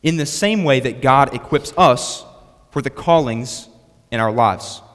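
A man's voice: medium pitch, animated, measured pace, a bit bright. Man preaching a story in a reverberant hall. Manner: storytelling, repeats words when restarting. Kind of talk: sermon with personal story.

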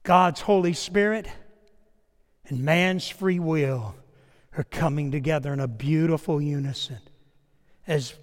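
Male pastor, fairly high voice, earnest preaching style, long reverb of a church hall. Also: a little slow, long pauses. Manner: earnest, emphatic preaching in short repeated phrases. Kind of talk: sermon with personal storytelling. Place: church sanctuary.

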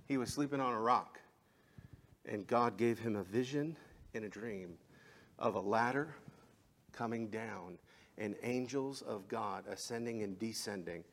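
Delivering a sermon in a fairly low voice, this male pastor alternates calm, measured stretches with climaxes that build into passion.

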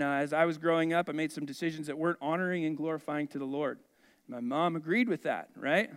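A man's voice: a little high, clear, resonant tone. A male pastor preaching a sermon in a conversational way, asking the congregation questions and adding humorous asides.

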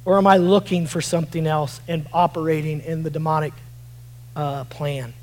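A man with a high voice preaches a sermon. He swings between loud, shouted emphasis and quiet, low passages as he reads verses aloud. He often stumbles over repeated words and restarts his phrases. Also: steady tone, normal speed, poor audio. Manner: repeats words and restarts while reading scripture. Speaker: pastor.

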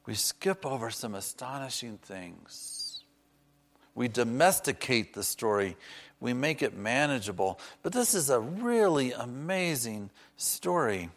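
An earnest man delivering a sermon at a middle pitch. He draws out key words for weight, then slips into easy, conversational asides. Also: sing-song. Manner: earnest, slows down for emphasis, chatty asides. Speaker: preacher.

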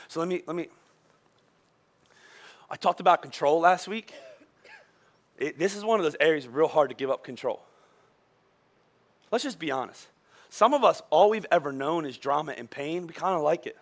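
A male pastor preaching a sermon, telling stories in an animated way with frequent restarts. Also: a little high, normal speed, long pauses.

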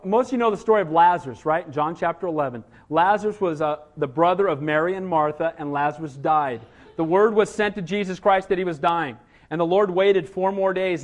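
A man preaching a sermon as pastor, calling out "amen?" often and swinging between loud emphasis and soft, low passages. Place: church auditorium.

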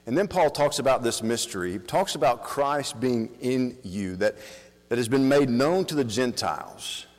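A man preaching a sermon as pastor, asking the congregation questions and building from quiet reflection to emphatic delivery, with frequent restarts. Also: mid-range voice, lively intonation, moderate pace. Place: church hall. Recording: long reverb of a church hall.

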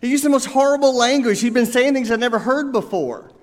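A man's voice: very high voice, fairly quick, pitched above the performer's own voice. A man voicing a distraught young newlywed bride who sobs, stammers and pleads. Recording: long reverb of a large hall.

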